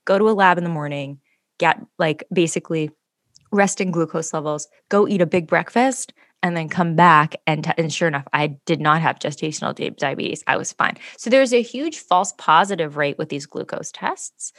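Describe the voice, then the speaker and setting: A woman in casual chat, telling a story in an animated way and acting out the people in it. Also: low voice, moderate pace, no echo, clean studio sound. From Canada. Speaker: podcast co-host.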